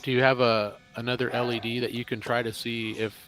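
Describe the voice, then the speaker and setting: A man's voice: medium pitch, level tone, a little fast, crowd noise, rough recording. A man in a casual group chat, asking helpful questions about a repair.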